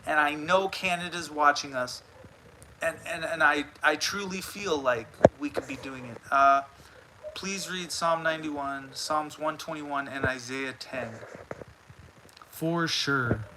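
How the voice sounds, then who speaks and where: A man's voice: fairly high pitch, takes it slowly, background noise. An American man hosting a casual live stream, earnestly rambling with frequent restarts as he responds to viewer comments. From United States. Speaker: livestream host.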